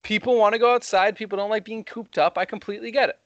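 A young man co-hosting a heated casual debate, talking fast and getting excited as he argues. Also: high-pitched, no room sound, highs cut off. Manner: fast, excitable, rising when worked up. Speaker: co-host.

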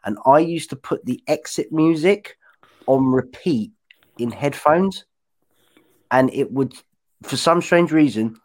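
Man, podcast co-host, mid pitch, chatty, rambling, casual conversation. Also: slow, long pauses. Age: young adult or older. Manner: chatty, rambling storyteller who trails off and restarts. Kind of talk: casual chat.

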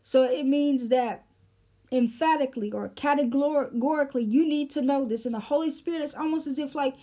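High-voiced woman teaching Scripture. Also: normal speed, dark tone. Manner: explanatory, breaks down Greek words, frequent fillers. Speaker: Bible teacher. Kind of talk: verse-by-verse Bible teaching.

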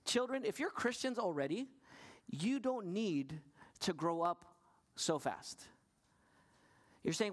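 A male pastor delivering a sermon to his congregation, asking them questions, his voice sinking low and soft and then climbing high and pressing. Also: big pitch swings, measured pace, long pauses.

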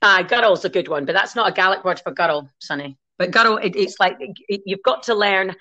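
A woman with a Scottish accent, chatting casually and teaching Gaelic words in a fast, playful way that keeps breaking into laughter. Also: mid-range voice, animated, sharp tone, lo-fi sound. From Scotland. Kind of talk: casual podcast chat.

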